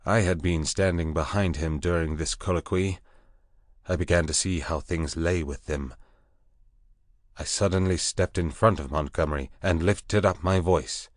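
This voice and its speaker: A man narrating an audiobook in a measured, deliberate reading voice on a close mic. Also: sits low, fairly even intonation, no room sound. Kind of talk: scripted narration.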